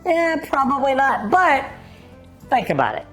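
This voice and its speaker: Lively, jokey female narrator. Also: high-pitched, a little slow, soft background music. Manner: jokey and conversational, very lively intonation. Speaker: narrator of a plumbing education channel. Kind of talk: scripted narration with casual asides.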